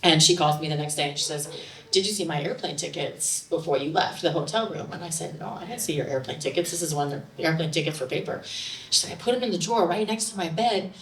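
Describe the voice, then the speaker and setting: A middle-aged woman telling a story on a bar stage, animated and growing loud and excited. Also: deep voice, quick pace. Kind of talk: live storytelling to an audience. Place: stage in a bar, audience present. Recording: roomy live recording from a distance, faint room noise.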